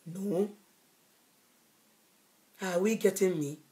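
A woman's voice: mid-range voice, drawn-out words, dark tone. A woman evangelist delivers a sermon with fervour. She repeats phrases again and again for emphasis, pressing her warnings on the listener. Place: Europe.

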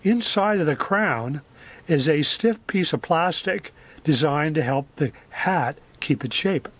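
A man's voice: fairly high pitch, lively intonation, slow pace, fairly bright tone. A man narrating a casual how-to vlog in a friendly, chatty way. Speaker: vlogger.

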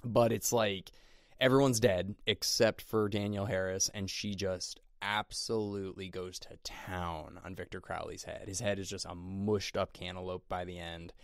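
Podcast co-host, man, low voice, dry close sound, loose rambling review. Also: steady tone, normal speed, no room sound. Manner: rambling, many fillers and restarts. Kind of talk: casual movie review chat.

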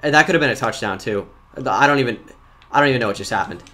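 A young man giving live commentary on his own football video game, excitable and talkative, jumping from loud outbursts to muttered complaints about his players. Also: mid-range voice, quick pace. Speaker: gaming YouTuber.

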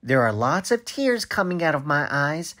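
A woman voicing a cheerful young cartoon boy who narrates a social story and asks the children watching questions, in a bright, sing-song, exaggerated way. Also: low-pitched, big pitch swings, moderate pace, exaggerated voice. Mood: thoughtful.

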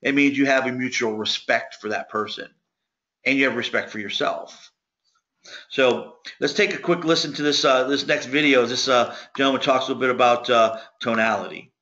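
A male sales trainer gives firm, direct coaching, stumbling briefly over fillers. His voice is bright and forceful. The audio sounds somewhat dull and low-fidelity. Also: steady tone, moderate pace. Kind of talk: coaching session.

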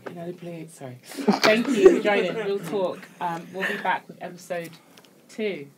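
A woman with a fairly low voice hosts a casual podcast chat in a recording studio, speaking at normal speed with some background noise. She's an animated storyteller with lots of energy who laughs often.

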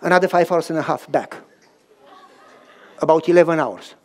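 Preaching as pastor, this man speaks at a moderate pace with a fairly high pitch, over some background chatter and a slight hiss or hum. His storytelling is animated and emphatic, full of acted-out voices, rhythmic sounds, and short repeated phrases where every word gets stress.

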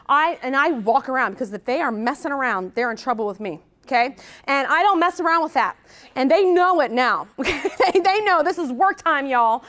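High-voiced chatty woman presenter. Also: a little fast. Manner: energetic, chatty, says "okay?" often. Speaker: workshop presenter. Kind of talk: conference workshop talk. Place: conference room.

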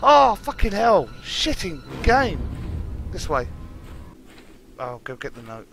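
A man's voice: sits high, huge pitch swings, slow pace, vocal fry, a bit bright. A young man streaming a horror game live, swearing constantly and yelping at every scare. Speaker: gaming streamer.

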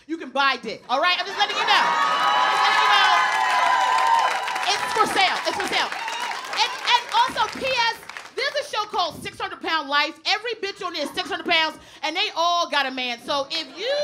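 Stand-up comic, woman, very high voice, brash and profane, live club mic with a crowd and noise behind. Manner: brash, profane, animated storytelling. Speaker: stand-up comedian. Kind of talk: stand-up routine. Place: comedy club stage before a live audience. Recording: live club recording with audience laughter and noise.

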